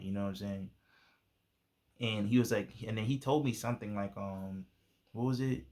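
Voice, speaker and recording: A man's voice: lowish voice, normal speed, long pauses, darkish tone. A young man casually telling a personal testimony, using laid-back slang and plenty of fillers. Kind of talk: casual storytelling.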